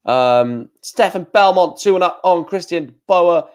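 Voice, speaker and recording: A man's voice: high-pitched, lively intonation, measured pace, few pauses, smooth. A man hosting a casual live stream, reading out darts results and answering chat while thinking aloud with plenty of fillers.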